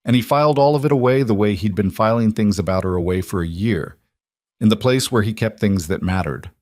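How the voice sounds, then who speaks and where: Low-voiced man narrating a story. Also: brisk, a little mellow, dry recording, clean studio sound. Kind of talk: scripted narration.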